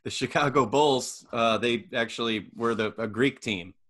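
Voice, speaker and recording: A man's voice: mid-range voice, normal speed, fairly bright tone. A man co-hosting a podcast, playful and often laughing in casual banter. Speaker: podcast co-host.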